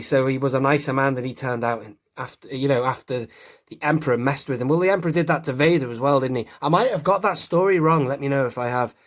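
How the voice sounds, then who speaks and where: Male host, chatty collector vlog, mid-pitched, rambling with lots of asides. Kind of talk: casual toy review vlog.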